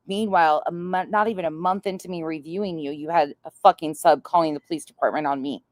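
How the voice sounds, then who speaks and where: A woman with a low voice talks over the clips she plays, blunt, profane and ready to fight. Her sound is dry and close, with no room around it. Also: no room sound. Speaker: commentary channel host. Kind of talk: angry commentary over played clips.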